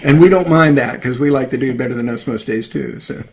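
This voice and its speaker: Gravelly-voiced man giving gentle advice. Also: mid-range voice, a little fast. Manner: gentle, coaching, acts out parent and child talk. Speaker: past life regression therapist. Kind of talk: casual advice on a live stream.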